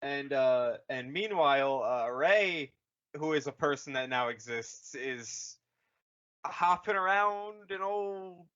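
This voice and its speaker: A man on a podcast casually retelling a movie plot, rambling with lots of fillers and quick mock voices for the characters. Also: on the high side, animated, a bit bright, clear, resonant tone, highs cut off. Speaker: podcast co-host retelling a film. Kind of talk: casual comedic recap.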